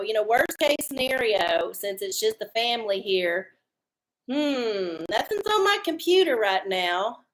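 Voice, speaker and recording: A woman's voice: fairly high pitch, a bit bright. Salty woman hosting a livestream. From Texas. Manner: chatty, salty, swears freely. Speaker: livestream host. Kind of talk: casual livestream chat. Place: home studio under hot lights.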